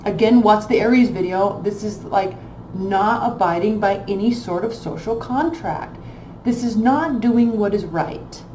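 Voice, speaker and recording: A woman's voice: mid-range voice, measured pace, mellow, echoey room, a little hiss or hum, poor audio. A woman reading tarot cards in a blunt, emphatic way, repeating phrases for stress. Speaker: tarot reader.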